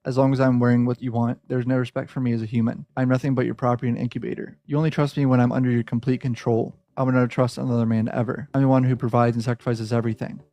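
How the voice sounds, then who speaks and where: A man's voice: mid-range voice, level tone, rapid-fire, few pauses, dark tone. A man hosting a reaction stream who reads documents aloud and breaks off with shocked asides. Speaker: host reading and reacting to documents.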